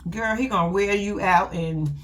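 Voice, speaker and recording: A woman's voice: medium pitch, normal speed, a bit bright. A young woman, giving a blunt, sassy, profane casual recap with laughing asides. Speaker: reality TV recap host.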